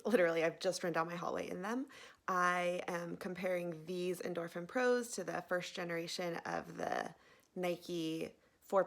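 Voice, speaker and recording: A young woman giving a chatty, upbeat vlog review of running shoes, full of fillers. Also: fairly low pitch.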